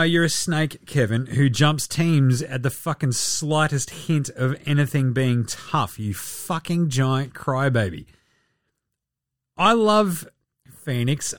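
A man's voice: on the high side, dry recording, clean studio sound. A man hosting a casual sports podcast, swearing freely and mocking players with sarcastic impressions. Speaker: podcast host.

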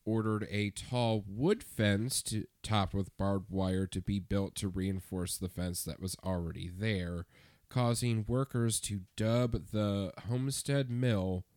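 A man's voice: fairly low pitch, steady tone, slow, darkish tone, no room sound, studio quality. A man co-hosting a history podcast in casual chat, laid-back and chuckling as he hunts for words. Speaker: podcast co-host.

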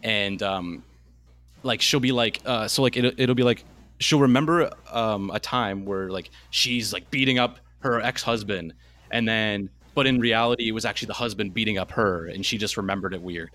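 A man's voice: on the low side, normal speed, bright, forceful tone. Rambling young man reviewing a movie. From Canada. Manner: rambling, heavy with fillers and restarts. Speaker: podcast co-host. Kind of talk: casual movie review chat.

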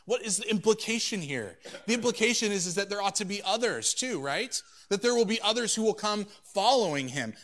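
A man delivers a sermon in a slightly high voice. He builds to loud, emphatic peaks, then drops into quiet, low asides. He acts out the quoted exchanges in a casual, conversational voice. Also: animated, brisk. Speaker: pastor.

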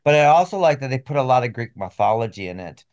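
A man hosting a book podcast, reading a plot synopsis and then discussing the book in loose, halting speech. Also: medium pitch, sing-song, a little mellow. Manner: hesitant, restarts often when talking freely. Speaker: podcast host.

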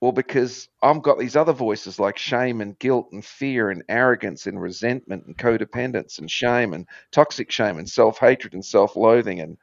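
A man's voice: mid-range voice, moderate pace, creaky, few pauses, no echo, highs cut off. Rambling, self-deprecating man, dry sound. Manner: rambling, self-deprecating, acts out voices in quotes. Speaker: podcast guest, former musician. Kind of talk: casual conversational storytelling.

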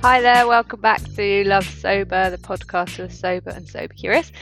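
A woman's voice: medium pitch, moderate pace, vocal fry, music in the background. A woman co-hosting a podcast, chatting casually and laughing easily. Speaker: podcast co-host.

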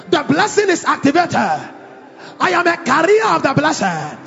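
A man preaching a fervent sermon to his congregation in a church hall, shouting declarations and calling for responses. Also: very high voice, vocal fry. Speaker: pastor. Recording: echoey, slightly dull church hall recording.

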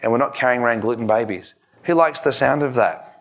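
A man's voice: mid-range voice, fast. A man, a naturopath, giving a live talk in a casual storytelling way, with many fillers and restarts. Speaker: naturopath and public speaker.

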